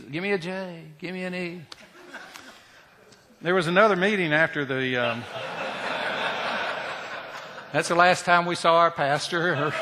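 A man preaches with a bright, fairly high voice, telling his story with humor and plenty of energy. The sound carries a long church-hall reverb around him. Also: a little hiss or hum. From Southern United States. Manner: humorous, animated, leads shouted cheers. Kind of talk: storytelling sermon.

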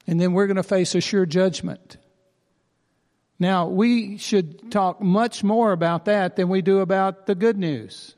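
A man's voice: sits high, steady tone, unhurried, a little mellow, big-room sound. A man preaching a sermon as pastor, earnest and emphatic, repeating key phrases for weight.

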